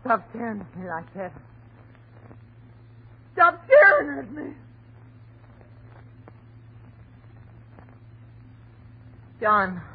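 An actress playing a cruel young wife who is turning into a cat, in 1940s radio acting with a sharp, taunting manner. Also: female voice. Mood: terrified. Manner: sharp, taunting, then shrill and panicked. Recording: tinny, noisy old radio recording.

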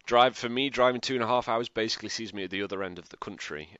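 A man's voice: lowish voice, fast, fairly bright tone, no room sound, lo-fi sound. A man hosting a podcast, talking in a chatty, rambling way. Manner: chatty, rambling, upbeat plugs. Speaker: podcast host. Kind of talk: casual podcast chat.

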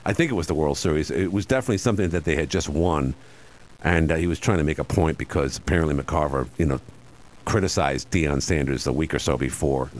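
A middle-aged man hosting a talk radio show, rambling casually with many fillers and restarts. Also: low-pitched.

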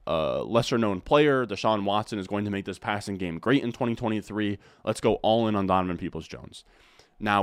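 Male video host, low voice, dry close mic, chatty and emphatic, voice a bit worn. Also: no echo. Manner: enthusiastic, repetitive emphasis. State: losing his voice, throat clearing. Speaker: fantasy football content creator. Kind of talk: casual video commentary.

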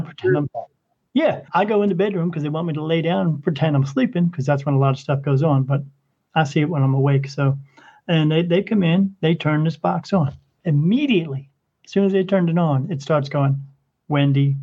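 A man telling a paranormal story in casual conversation, animated and acting out the voices of the people he quotes. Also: brisk, husky, muffled recording. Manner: animated, acts out quoted voices with rising pitch.

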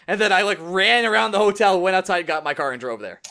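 A young man co-hosting a podcast, telling a story in casual chat and acting out quotes with a lively voice. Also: rapid-fire, few pauses. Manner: animated, acts out quotes in higher voice. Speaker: podcast co-host.

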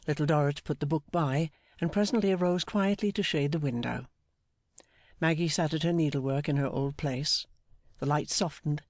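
A man narrating a classic novel as an audiobook, in a measured, earnest storytelling manner. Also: on the high side, no room sound, studio quality.

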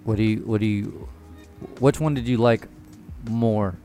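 A man swapping movie talk with friends in loose, profane banter. He laughs a lot and keeps slipping into quick impressions of lines from films. Faint music plays underneath. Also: on the low side, warm tone. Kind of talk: casual chat among friends.

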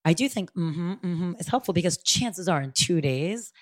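A low-pitched woman with a lively, swinging delivery chats as co-host on a podcast. She is talkative and laughs easily. The sound is dry and close. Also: moderate pace, no echo. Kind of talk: casual podcast chat.

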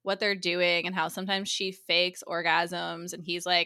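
A woman co-hosting a podcast, recapping a TV episode as a lively storyteller who acts out the characters' lines, laughs often and swears casually. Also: fairly low pitch, moderate pace, no echo, clean studio sound. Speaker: guest co-host recapping a TV episode.

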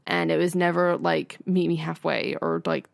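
A young woman co-hosting a podcast, her voice sitting a little low for a woman. She chats loosely, leaning on "like" constantly and leaping up high when she retells a scene. The sound is close and dry. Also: fairly even intonation, normal speed, creaky, no echo. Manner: chatty, fills speech with "like", rises sharply when retelling. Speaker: podcast co-host. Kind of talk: casual chat.

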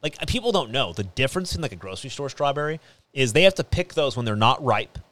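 A man's voice: mid-range voice, very animated, fast, a bit bright, no echo. A man hosting a podcast in a small studio, chatting casually and rambling with many fillers and restarts. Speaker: podcast host. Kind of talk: casual chat.

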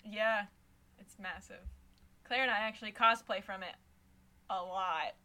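A woman's voice: medium pitch, unhurried, bright, forceful tone. A woman co-hosting a podcast in casual chat, playful and teasing with her guests. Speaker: podcast co-host.

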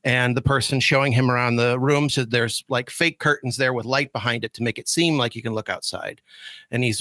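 A man's voice: medium pitch, steady tone, a little fast, bright, forceful tone, no room sound. A man appearing as a guest on a podcast, eagerly telling an anecdote in casual chat.

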